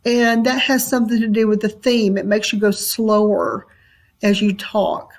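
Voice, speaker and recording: A woman teacher giving a recorded lesson, talking in a relaxed way with many ums and uhs. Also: mid-range voice, moderate pace.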